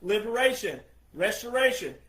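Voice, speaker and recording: Male commentator, insistent and repetitive delivery, higher pitch, echoey room sound. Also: sing-song, normal speed. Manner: insistent, repetitive, addresses "ladies and gentlemen". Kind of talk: emphatic monologue.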